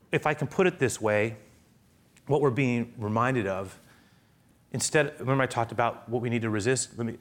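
A pastor preaching, telling a story with passion. His voice sits at a middle pitch, then rises loud and high when he gets excited and drops soft again. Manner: impassioned storyteller, swings from hushed to loud and high. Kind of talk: sermon.

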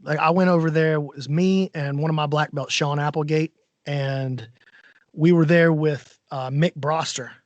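Man, Southern American accent, animated storyteller, slightly high voice, dry sound. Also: moderate pace, no room sound, lo-fi sound. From Alabama, USA. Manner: animated storyteller, laughs often. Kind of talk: casual conversation.

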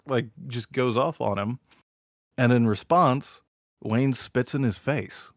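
A man casually recounting a TV scene on a podcast, animated and profane, swearing freely. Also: mid-range voice, a little slow, no echo, studio quality. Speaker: podcast host. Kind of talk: casual chat, retelling a show scene.

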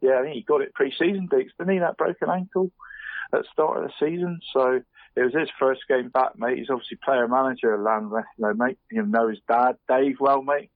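A man chats his way through local football scores, restarting his sentences and tacking "mate" onto almost every phrase. His voice sits at an ordinary middle pitch. The sound is thin and tinny, like a phone line, and completely dry. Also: no room sound. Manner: chatty, says "mate" constantly, halting restarts. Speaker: radio sports presenter. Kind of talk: casual football results round-up. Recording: phone-line quality radio audio.

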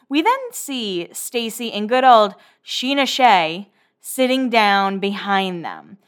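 A woman hosting a casual podcast, recapping a show in a rambling, chatty way with sarcastic asides and quick self-corrections. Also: medium pitch, big pitch swings, smooth.

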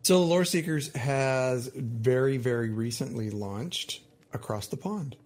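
A man co-hosts a podcast in a relaxed, casual way, teasing and joking with his partner. His voice sits in a middle range for a man. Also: medium pitch, slow. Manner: playful, teasing. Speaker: podcast co-host. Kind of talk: casual chat.

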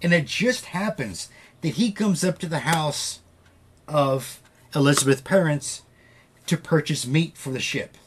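A man's voice: on the high side, measured pace, a little hiss or hum. A man hosting a podcast, casually retelling a story with loose quoted dialogue and frequent swearing. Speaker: podcast host.

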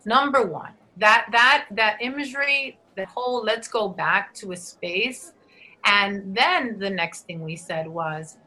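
Earnest woman teacher, bright voice. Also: medium pitch, slow pace, poor audio. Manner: earnest, with restarts and Spanish phrases. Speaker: dual language teacher. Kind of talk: reflective interview answer.

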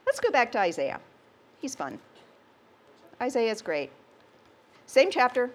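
Slow, emphatic woman preaching a sermon. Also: a little high, wildly swooping pitch. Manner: conversational, asks the congregation questions.

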